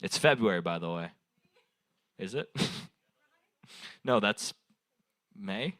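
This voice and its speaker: A man's voice: lowish voice, animated, slow pace, a bit bright, no echo. A young man doing improvised stand-up at an open mic, loose and rambling, swearing and laughing at his own jokes into a handheld mic. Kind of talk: improvised stand-up crowd work. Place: small bar stage. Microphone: handheld stage mic.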